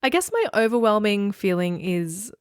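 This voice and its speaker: A woman's voice: mid-range voice, very animated, normal speed, clear, resonant tone, no room sound, clean studio sound. A woman co-hosting a book podcast, chatting casually and laughing often at herself. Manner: giggly, self-deprecating, laughs often. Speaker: podcast co-host. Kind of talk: casual chat.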